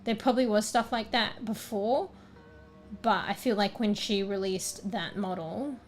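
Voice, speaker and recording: A young Australian woman chats on a livestream from a small room at home, rambling loosely through filler words. Her voice sits at an ordinary pitch and sounds slightly worn, as though she is losing it. Faint music plays in the background. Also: measured pace. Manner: rambling, filler-heavy, chatty. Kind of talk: casual chat with stream viewers.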